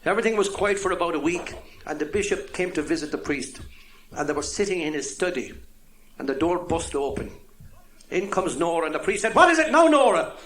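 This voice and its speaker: A man's voice: fairly high pitch, a little fast, a little hiss or hum. A man telling jokes live as a chatty, chuckling storyteller. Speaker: comedian.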